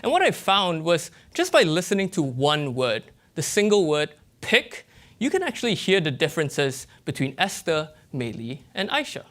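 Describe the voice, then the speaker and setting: Animated young man with a Malaysian accent. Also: a little high, moderate pace. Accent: Malaysian English. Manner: lively, explanatory, checks in with the audience. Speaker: graduate student presenter. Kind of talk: TED-style talk.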